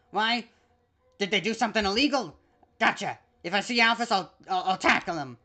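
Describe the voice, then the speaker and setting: A woman puts on a brash fish-woman police chief from a video game who barks orders and calls everyone punk. She is gruff, bossy and loud, at a middle pitch over faint music. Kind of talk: streamer voicing game text.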